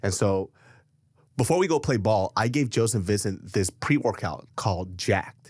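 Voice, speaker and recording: Male podcast co-host, husky and close-miked, animated storyteller. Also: fairly low pitch, moderate pace, no echo. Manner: animated, profane anecdote telling. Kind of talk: casual storytelling chat.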